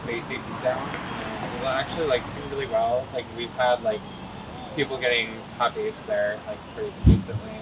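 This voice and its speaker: A man from New Hampshire chats easily in an interview, his voice at an ordinary middle pitch. He laughs often and leans on fillers as he talks. A steady hum of air conditioning and background noise sits under the recording. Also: normal speed, muffled recording. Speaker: interview guest, competitive gamer. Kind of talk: casual interview chat.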